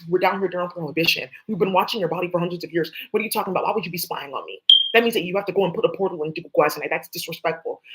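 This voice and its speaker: Heard through a rough recording, a woman with a lowish voice delivers an agitated, profane, rambling livestream rant while answering voices no one else hears.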